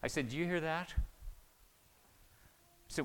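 A man preaching a sermon, telling a story, swinging between hushed asides and loud, emphatic lines. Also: on the high side, measured pace. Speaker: pastor. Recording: long reverb of a large hall.

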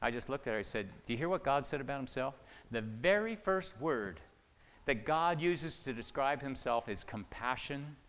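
A man preaching a sermon, telling a story, swinging between hushed asides and loud, emphatic lines. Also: medium pitch, expressive, normal speed. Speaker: pastor. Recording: long reverb of a large hall.

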